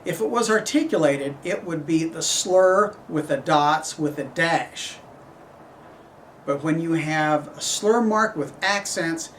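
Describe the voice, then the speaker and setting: Man, horn professor, slow deliberate delivery, fairly high voice, heard from a distance, faint room ambience. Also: fairly bright tone, slight background noise. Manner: measured, explanatory, sings phrases on syllables. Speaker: horn professor giving a clinic. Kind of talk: instructional clinic talk.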